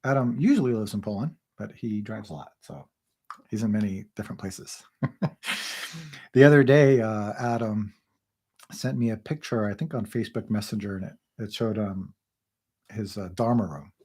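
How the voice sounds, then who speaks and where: A man's voice: on the low side, moderate pace, darkish tone, slightly rough. Chatty man hosting a livestream. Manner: reads viewer comments aloud, chatty and laughing often. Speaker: livestream co-host. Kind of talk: casual livestream chat.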